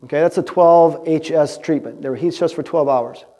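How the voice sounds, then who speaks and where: Male researcher at a podium, slightly high-pitched but warm, chatty lecture style. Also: moderate pace. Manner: conversational, asks "right?" often. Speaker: animal science researcher presenting. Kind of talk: conference lecture. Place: presentation room with audience.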